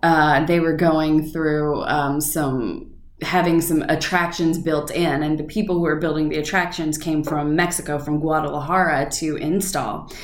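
A woman's voice: deep voice, steady tone, moderate pace, reverberant. A woman with a Southern accent, co-hosting a podcast in casual chat, telling stories and laughing often. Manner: laughing often, rambling storyteller. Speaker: podcast co-host.

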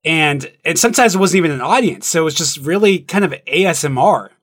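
A man co-hosting a relaxed podcast with a fairly high voice. His pitch moves around a lot, and he keeps dropping in supportive remarks and easy laughs. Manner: quick to laugh, supportive interjections. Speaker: podcast co-host. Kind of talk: casual chat.

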